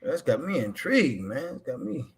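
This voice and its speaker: A man co-hosts a relaxed wrestling talk stream. His voice sits a bit high and swings around a lot in pitch. He drawls, repeats his words, and laughs easily. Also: moderate pace, creaky. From Southern United States. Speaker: podcast co-host. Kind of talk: casual chat. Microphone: live stream.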